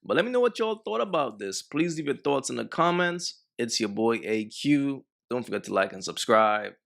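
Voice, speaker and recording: A man's voice: medium pitch, lively intonation, normal speed, creaky, a bit bright. A man hosting a reaction channel, giving blunt, mocking commentary on a clip and talking straight to his viewers. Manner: blunt, mocking, talks to the fellas.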